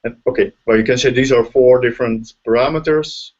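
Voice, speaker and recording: A man's voice: mid-range voice, a little fast, a little mellow. A man with a Dutch accent, a linguistics professor who explains ideas step by step over a video call and often checks in with "right?". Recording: dull lo-fi video call audio.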